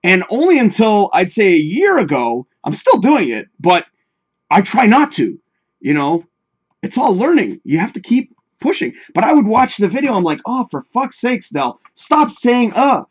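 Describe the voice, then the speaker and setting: A man's voice: high-pitched, wildly swooping pitch, normal speed, husky. A man hosting a live talk show in casual, rambling chat, swearing freely and talking straight to his viewers.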